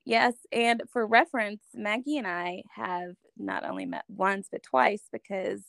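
A woman's voice: mid-range voice, fairly even intonation, unhurried, gravelly, a bit bright, no room sound, studio quality. A woman with a Southern US accent co-hosting a podcast in casual chat, often agreeing and saying yes. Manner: agreeable, frequent yeses and mm-hmms. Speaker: podcast co-host.

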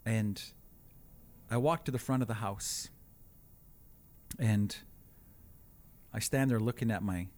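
A man telling a comic personal story, animated with deadpan asides. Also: lowish voice, takes it slowly, pauses often.

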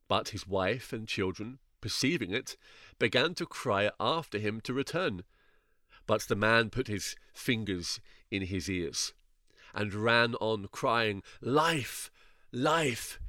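A man narrating a classic allegory in a solemn, deliberate way. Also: lowish voice, fairly bright tone, dry recording.

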